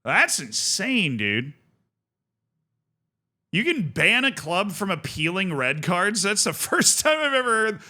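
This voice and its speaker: A male streamer commenting on his own football match, with a bright, fairly high voice. He talks at an unhurried pace, mostly muttering to himself, then erupts into shouted play-by-play when a chance comes. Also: very animated. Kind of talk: live game commentary.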